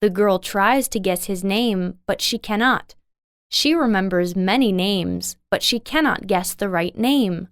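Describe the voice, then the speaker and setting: A woman's voice: mid-range voice, a little slow, smooth, no echo, clean studio sound. A woman narrating a folk tale in a simple, carefully paced storybook reading. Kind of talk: slow scripted storybook narration.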